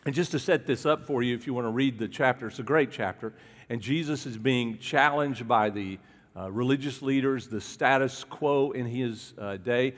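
A man's voice: mid-range voice, moderate pace. Man preaching a sermon in a reverberant hall. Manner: conversational preaching, asks the congregation questions. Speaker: pastor. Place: church hall with a congregation.

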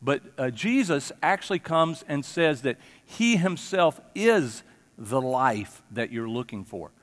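Male pastor, conversational sermon in a church, voice trailing long hall echo, mid-range pitch. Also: very animated, slow pace. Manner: conversational, asks the congregation questions. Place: church sanctuary.

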